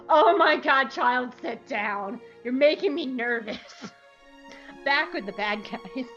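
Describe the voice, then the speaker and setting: A woman's voice: fairly high pitch, fairly bright tone, dull audio. Chatty young woman recapping casually. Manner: chatty, irreverent, swears freely. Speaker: show recapper.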